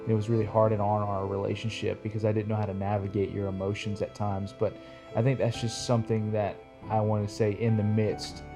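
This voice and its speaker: A young man talking earnestly with his wife, halting and full of fillers, in a casual heartfelt couple's chat. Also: lowish voice, flat delivery, over music. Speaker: husband co-host of couple's channel.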